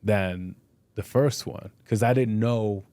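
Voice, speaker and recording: With a fairly low, dark voice and a slow pace, a middle-aged podcast guest who boxes and trains people in fitness tells blunt, profane boxing stories. The casual interview talk is full of restarts and "you know," and there's no room sound.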